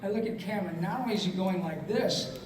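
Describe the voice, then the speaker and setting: A man on a convention panel speaking emphatically to a live audience, animated and swinging between loud and soft. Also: sits high, fast talker. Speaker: voice actor and podcast host on a convention panel. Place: large convention hall. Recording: very echoey hall from far off with noise.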